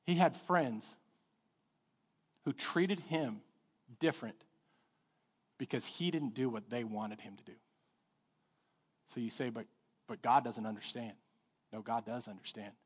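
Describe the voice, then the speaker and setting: A middle-aged man preaching a sermon as pastor, telling stories in an animated way and acting out the voices of the people in them. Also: medium pitch, a little slow, long pauses, breathy edge. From Texas. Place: church sanctuary. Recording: long reverb of a church hall.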